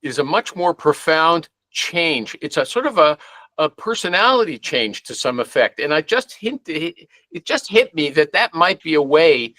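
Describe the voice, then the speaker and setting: A man's voice: on the high side, big pitch swings, normal speed, bright, forceful tone, dry recording. A man hosting a casual talk show, probing his guest and thinking aloud. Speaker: show host. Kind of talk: casual podcast chat.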